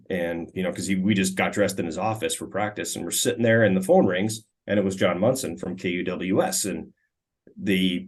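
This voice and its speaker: A man in his forties from Minnesota, a former hockey player and radio color commentator, telling stories in a relaxed interview, often stumbling and repeating words as he starts sentences. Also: low-pitched. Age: 40s. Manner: relaxed, frequent stammered restarts. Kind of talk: casual storytelling interview.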